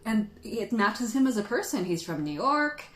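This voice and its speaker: A woman's voice: fairly high pitch, very animated, normal speed, a bit bright. A woman hosting a casual livestream who chats in a rambling way and laughs often. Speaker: tea livestream host. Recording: roomy echo.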